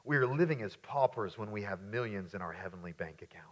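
A male pastor delivers a sermon emphatically, repeating key lines and slipping into quieter, casual asides as he tells a story. His voice is fairly low and expressive, and he talks fast with hardly any pauses; the audio sounds dull.

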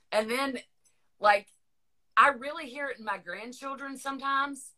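Bright Southern-accented woman host. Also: on the high side, animated, measured pace. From Northern Virginia, USA. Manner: chatty, rambling, laughs often. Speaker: podcast host. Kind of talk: casual chat.

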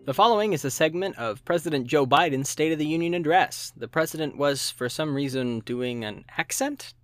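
A man hosting a satirical news podcast, reading a script in a dry, deadpan way. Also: a little high, fairly quick, soft background music. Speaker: podcast host.

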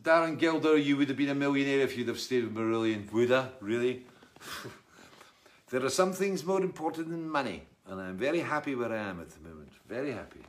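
A man's voice: mid-range voice, animated, a little fast, a little hiss or hum. A middle-aged Scottish man and musician, chatting casually and wryly as he reads out and answers viewer comments. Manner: rambling, chatty, wry. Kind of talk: casual live chat reading comments.

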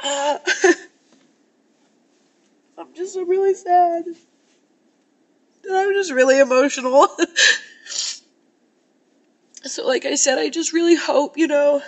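A young woman in her twenties with a high voice, crying as she talks. She rambles emotionally and swears freely. She records herself in a hotel parking lot. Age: 20s. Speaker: podcast host. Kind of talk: tearful personal vlog confession.

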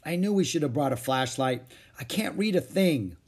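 A careful, bookish boy sounds reluctant and worried, his voice raised and lively, as a man puts him on. A gravelly, husky texture runs under it. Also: a little high, normal speed, pitched above the performer's own voice, heavily acted. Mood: explaining. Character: cautious, bookish young boy.

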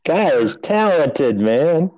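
A man's voice: on the high side, big pitch swings, slow, darkish tone, poor audio. A man hosting a podcast in casual chat, swearing and running himself down. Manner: swearing, self-deprecating. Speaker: podcast host.

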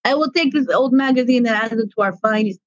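A woman voicing a junk-hoarding trash monster with a Russian accent, speaking slowly and grandly. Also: on the high side, dry recording, muffled recording, close to an everyday voice. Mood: grandly acquisitive.

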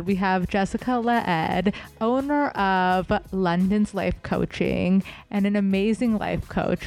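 A woman's voice: medium pitch, darkish tone. A woman co-hosting a dating podcast, introducing a guest and asking eager questions. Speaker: podcast co-host. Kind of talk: interviewing a guest.

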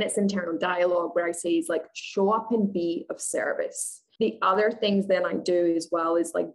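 A woman with a Scottish accent and a fairly low voice speaks as a guest on an interview show. She is a communication coach, and she talks in a direct, blunt manner. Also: poor audio. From Scotland. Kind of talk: interview answers.

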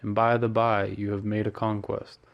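A man's voice: fairly low pitch, little pitch movement, normal speed, highs cut off, close to an everyday voice. A man voicing a worldly, amused male painter who teases his friend and drops French phrases.

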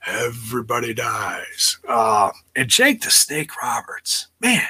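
A man's voice: mid-range voice, big pitch swings, slow, bright, forceful tone, slightly rough. A man hosting a podcast, recapping wrestling in a rambling, blunt way and swearing freely. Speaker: podcast host.

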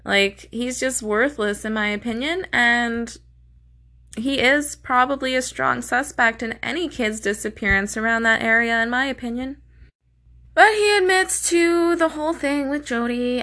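A woman's voice: on the high side, measured pace, bright, forceful tone. A woman telling a true crime story in a casual, blunt way, swearing often and sounding openly indignant.

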